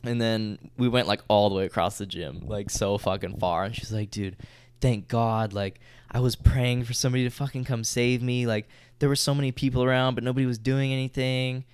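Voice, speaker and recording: A man's voice: mid-range voice, steady tone, brisk, darkish tone, clean tone. Young man telling a gym story. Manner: loose, slangy storytelling, lots of swearing and "like". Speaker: podcast co-host. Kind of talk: casual storytelling chat.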